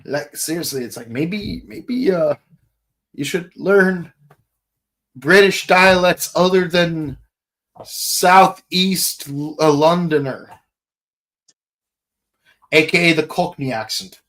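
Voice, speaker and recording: Slow-talking rambling male podcast host. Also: a little high, fairly bright tone. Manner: rambling, joking, many restarts and fillers. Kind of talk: casual podcast chat.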